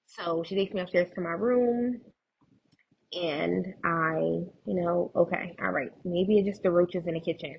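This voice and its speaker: A young woman telling her personal story as a guest in an interview, lively and expressive, often quoting other people. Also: lowish voice, unhurried, gravelly, highs cut off, slight background noise. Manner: animated retelling with quoted voices and laughs.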